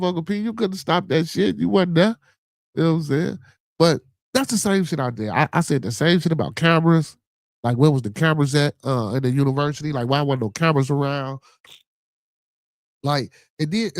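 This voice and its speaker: A man with a Chicago accent hosting a casual podcast live stream, reacting to chat comments in a loose, animated, profane way. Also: medium pitch, dry recording, clean studio sound. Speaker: podcast host.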